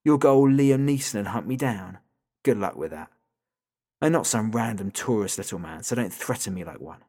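A sinister, hungry entity on a toy phone, as a male reader puts it on, dropping low and quiet to taunt. Its voice comes thin and tinny over the line, and it drags out every threat with slow, smug calm. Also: husky. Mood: menacing. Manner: taunting, soft and slow, drawing out the listener's name. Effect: tinny and thin through a phone.

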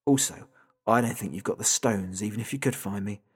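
A man's voice: fairly low pitch, breathy edge. A man doing a taunting phone entity. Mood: menacing. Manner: taunting, soft and slow, drawing out the listener's name. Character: sinister unseen male entity on a toy phone, mocking and hungry. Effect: tinny and thin through a phone.

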